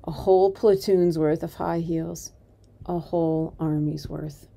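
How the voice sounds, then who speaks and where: A woman reading a children's novel aloud as a community volunteer, expressive and varied, dropping softly at times. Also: sits low, unhurried, vocal fry. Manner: expressive, varied storytelling with soft dips.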